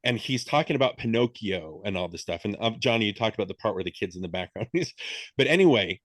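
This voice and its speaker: A man's voice: lowish voice, animated, fairly quick, a bit bright, no echo. A middle-aged man co-hosting a podcast, chatting casually about a film, self-deprecating and often checking in with "right?". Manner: self-deprecating, thinks aloud with frequent "right?". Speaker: podcast co-host.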